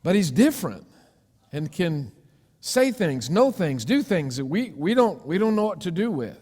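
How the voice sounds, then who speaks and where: A male preacher giving a sermon, telling a story with lively acted-out voices for its characters. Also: sits high, normal speed, in a large hall. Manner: animated storytelling, acting out voices for shapes. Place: church sanctuary.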